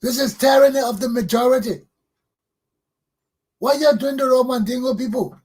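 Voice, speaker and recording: A man's voice: very high voice, moderate pace, pauses often, a little mellow, slightly rough. A middle-aged man with a Liberian accent, hosting a talk show with blunt, scolding political commentary.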